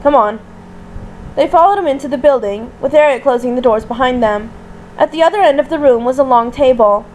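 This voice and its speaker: Woman narrator, high voice, steady home audiobook reading, small slips. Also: fast, a little hiss or hum, low-quality recording. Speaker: audiobook reader. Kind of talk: reading fan fiction aloud.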